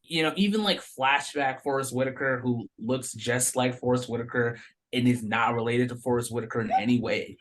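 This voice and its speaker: A man on a film review podcast panel, talking in animated bursts and correcting himself mid-sentence. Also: mid-range voice, brisk. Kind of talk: casual podcast discussion.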